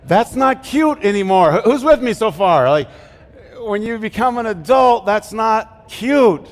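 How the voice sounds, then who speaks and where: Speaking a little slowly in a high-pitched voice with lively intonation, this middle-aged pastor delivers a conversational sermon. He cracks jokes and poses questions to the congregation, and the church sanctuary adds a long hall reverb.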